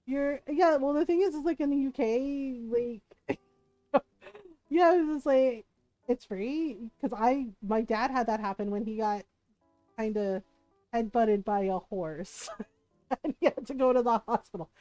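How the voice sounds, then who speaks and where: A woman's voice: fairly high pitch, a little slow, warm tone, no room sound, soft background music. A young woman streaming a game, telling a rambling story with lots of fillers and frequent laughter. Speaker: live streamer. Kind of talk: casual storytelling while gaming. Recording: slightly muffled stream audio.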